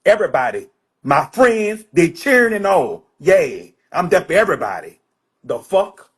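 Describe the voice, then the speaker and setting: Husky-voiced man in a heated rant. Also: high voice, big pitch swings, normal speed. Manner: repetitive, blunt, profane. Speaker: social media personality.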